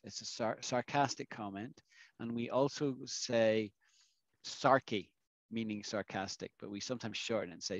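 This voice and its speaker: A man's voice: medium pitch, normal speed, no echo. A man leads an online English lesson over a video call. His voice sounds dry and a little dull. He explains expressions patiently and keeps checking in with the class. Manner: explanatory, asks the class questions. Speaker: English teacher.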